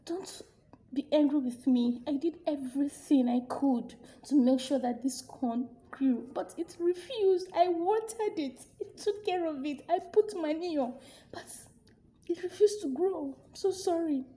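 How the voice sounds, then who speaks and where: A woman's voice: high voice, a little slow, warm tone, pitched above the performer's own voice. A woman voicing a poor, honest young village boy who pleads anxiously. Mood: pleading.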